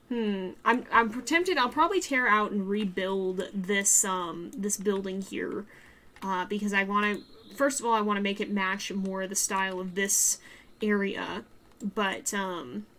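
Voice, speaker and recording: A woman's voice: mid-range voice, a bit bright, slight background noise. A woman with a Southern US accent streaming a building game, chatting and rambling to her viewers and laughing easily. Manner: chatty, rambling, quick to laugh, talks straight to her chat. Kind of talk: casual live-stream chat while building in a game.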